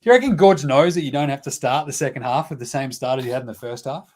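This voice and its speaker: A man's voice: medium pitch, fast talker, a little mellow. Australian male host, casual live stream banter, joking and chatty. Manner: joking, chatty, talks to his baby.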